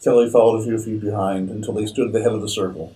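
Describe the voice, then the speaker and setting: Mellow-voiced man reading his fiction aloud. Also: on the low side, fairly even intonation, quick pace, a little hiss or hum, poor audio. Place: convention reading room.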